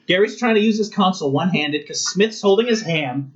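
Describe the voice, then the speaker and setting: A young man in his twenties with a fairly high voice, ranting and laughing his way through a casual podcast chat. His delivery is animated and indignant, full of quick asides. The recording is slightly muffled and lo-fi. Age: 20s. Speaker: podcast co-host. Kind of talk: casual chat reviewing a TV episode.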